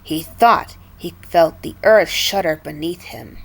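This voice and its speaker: A woman's voice: deep voice, measured pace, creaky. A woman reading a storybook aloud expressively, with small restarts now and then. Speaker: storybook reader.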